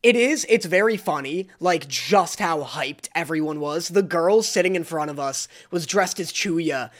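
A man's voice: a little high, unhurried. A man co-hosting a casual podcast, telling stories with wry, mock-outraged humor. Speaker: podcast co-host.

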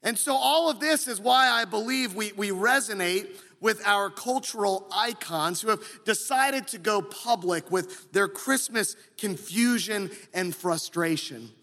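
A man preaching a sermon, slow and earnest, sometimes acting out quoted voices. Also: high-pitched, pushed and bright, big-room sound. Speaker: pastor.

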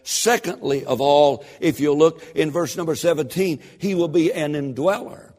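A man preaching a sermon, fervent and building to shouted emphasis. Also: a little high, normal speed, few pauses, big-room sound.

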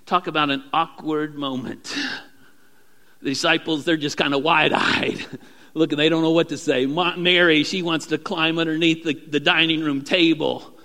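Animated pastor preaching in a hall. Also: male voice, a little high, moderate pace. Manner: animated, acts out prayers in a raised voice. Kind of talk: sermon.

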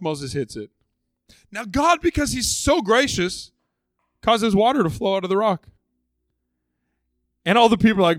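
A male pastor preaching in a casual, conversational tone, slipping into quick voices for the people in his story. His voice sits a little high for a man. The sound is dry and close. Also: expressive, a bit bright, dry recording. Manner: conversational, acts out voices of biblical figures. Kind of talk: sermon.

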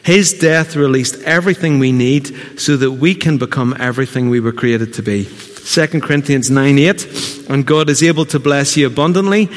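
A man with a Northern Irish accent preaching a lively sermon in church, swinging between loud exclamations and hushed asides. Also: mid-range voice. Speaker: pastor. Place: church hall. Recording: long church reverb.

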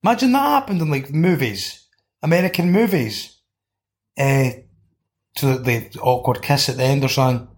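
A man's voice: mid-range voice, moderate pace. A Scottish man hosting a podcast, swearing and riffing jokingly as he reads out listeners' comments. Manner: sweary, joking riffs while reading out comments. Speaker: podcast host. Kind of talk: casual comedic chat.

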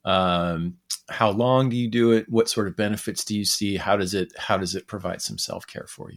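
A man with a lowish voice steers the podcast chat, asking questions in a halting manner. He restarts his sentences several times as he goes. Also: fairly even intonation. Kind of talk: casual chat.

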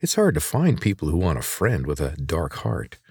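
A man voicing a sharp-tongued teenage girl inventor in a read-aloud story, blunt and sarcastic. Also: rumbling low, wildly swooping pitch, moderate pace, creaky, husky, no room sound, studio quality, full character voice. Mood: guarded, bitter.

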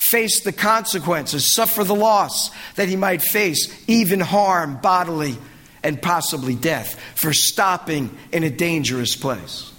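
A man's voice: fairly high pitch, a little slow, bright, forceful tone, long reverb tail. A man preaching a sermon as pastor, with a dramatic delivery that swells and drops.

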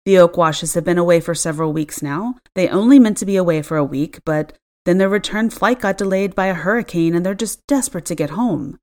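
Stern older housekeeper, clipped and tight, lowish voice, read by a woman. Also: brisk, hardly any pauses, a little mellow, close to an everyday voice. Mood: agitated.

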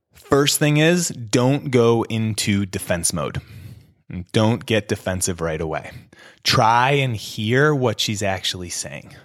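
A man's voice: lowish voice, fairly bright tone, dry recording, clean studio sound. A man hosting an advice podcast, talking in a casual, direct coaching tone. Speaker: podcast host.

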